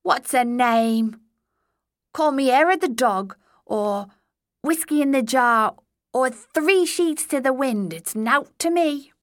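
A woman reading a storybook, voicing a scrappy, cowardly male goblin in a squeaky high voice. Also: expressive, takes it slowly, no room sound, clean studio sound. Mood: dismissive. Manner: high and shrill, whining when scared.

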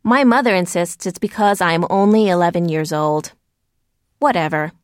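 A woman reading a first-person storybook aloud in a gentle, earnest narrating manner. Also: on the low side, animated, normal speed, no room sound, clean studio sound. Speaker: audiobook narrator.

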